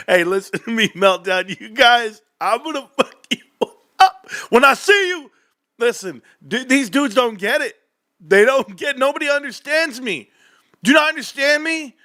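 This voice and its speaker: A man hosting his own stock market stream, ranting and laughing, swearing often and swinging between loud outbursts and muttered math. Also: high-pitched, dry recording, clean studio sound. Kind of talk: excited livestream rant.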